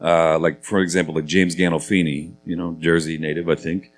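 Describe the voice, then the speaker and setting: Deep-voiced man telling stories on stage. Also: a little fast, slight background noise. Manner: animated, chatty storyteller. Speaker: guest actor at a convention panel. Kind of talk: live panel interview, storytelling. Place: convention panel stage.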